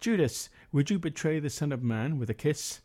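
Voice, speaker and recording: A man reads the part of Jesus in a grave, measured way, his voice mellow and low-key. The tone stays plain and even, like a reader's. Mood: solemn.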